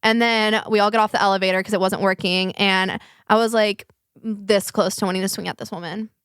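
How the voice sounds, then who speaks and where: Animated, profane young woman telling a story. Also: medium pitch, a little fast, smooth, no echo, clean studio sound. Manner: animated, profane, acts out quotes in a raised voice. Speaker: podcast host. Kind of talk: casual storytelling chat.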